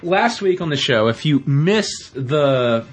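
A man co-hosting a podcast in casual chat, excitable and prone to stammering restarts. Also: a little high, takes it slowly, soft background music. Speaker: podcast co-host.

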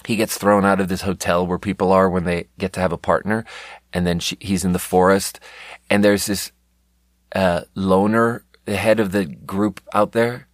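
A young man from Europe rants on his podcast in a low, rambling voice. He swears freely and sounds sarcastic. The recording is dry and close, with no room sound. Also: level tone, moderate pace, no room sound. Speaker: podcast host. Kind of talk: unscripted podcast rant.

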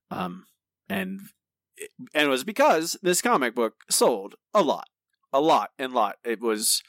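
A man's voice: medium pitch, fairly bright tone, no room sound, clean studio sound. A man co-hosting a podcast, chatting casually and rambling, with many restarts. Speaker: podcast co-host. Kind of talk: casual chat.

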